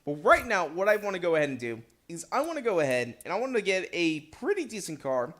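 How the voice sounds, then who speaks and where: A young man hosting a racing game let's play, chatting casually and excitably, jumping between loud outbursts and quiet asides. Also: high voice, fast. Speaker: gaming video host.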